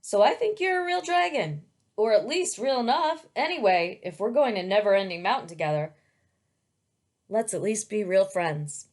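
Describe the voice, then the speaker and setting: Woman reading as a young girl, kind, brave, warm, reassuring, middle pitch, storybook. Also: lively intonation, moderate pace, close to an everyday voice.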